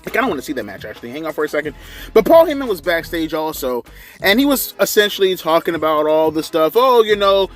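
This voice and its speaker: A young man talks through a wrestling show with a high voice that swings all over. He rambles, swears freely and uses plenty of slang. Faint music runs underneath. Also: fast. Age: young adult. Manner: excitable, profane, rambling with slang. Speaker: wrestling commentator. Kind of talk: casual watch-along commentary.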